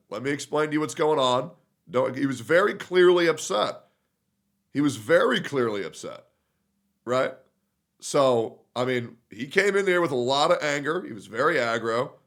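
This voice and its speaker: A man's voice: mid-range voice, fairly bright tone. A young man streaming live, ranting at his chat in a heated, argumentative way and swearing often. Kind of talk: livestream rant to chat.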